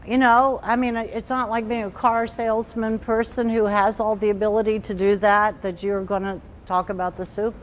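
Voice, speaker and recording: A woman trainer giving an animated workshop talk, acting out little quoted inner voices as she explains. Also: mid-range voice, normal speed, hardly any pauses, rough recording.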